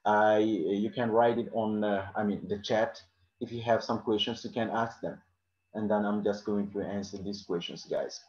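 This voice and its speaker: A man's voice: fairly low pitch, steady tone, normal speed, darkish tone, reverberant, muffled recording. A man teaching an English lesson live online, answering questions from the chat and often adding "okay" and "of course".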